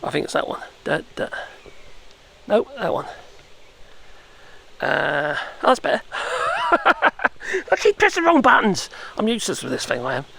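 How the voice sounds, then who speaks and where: A man's voice: extremely high pitch, wildly swooping pitch, measured pace, vocal fry, long pauses, bright, forceful tone. A man giving a rambling, sarcastic opinion vlog, full of chuckles and tag questions. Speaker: political commentator.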